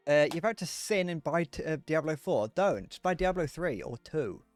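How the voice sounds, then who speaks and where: Streamer guy rambling and joking with chat, bouncy up-and-down voice, dry sound, quiet music behind. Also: fairly high pitch, animated, moderate pace, no echo. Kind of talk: casual live-stream chat while gaming.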